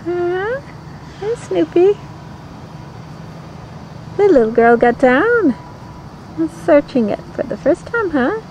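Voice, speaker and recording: A high-voiced woman coos at her dogs while filming a home video outdoors. Her voice swoops up and down in sing-song baby talk, slow and coaxing, picked up by a camera mic with faint noise behind. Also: sing-song, darkish tone. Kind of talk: home video, talking to pets. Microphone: handheld camera mic.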